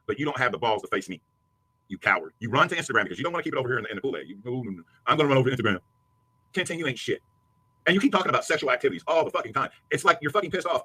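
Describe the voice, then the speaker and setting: A man's voice: medium pitch, bright, forceful tone, husky, no echo. A man delivering a profane, aggressive rant at a rival streamer, hurling insults. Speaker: livestreamer. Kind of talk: angry rant.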